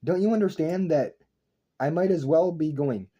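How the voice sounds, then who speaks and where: A man's voice: on the high side, normal speed, mellow, muffled recording. A young man lecturing his viewers in an intense, profane, repetitive philosophical rant to camera. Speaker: online video creator.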